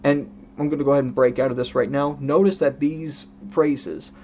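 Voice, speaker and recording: A man giving a casual spoken book review in an unhurried, explanatory way, reading quoted passages aloud and marking each quote and emphasis. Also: medium pitch, fairly even intonation, darkish tone. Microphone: own camera setup. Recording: dull lo-fi recording with faint hum.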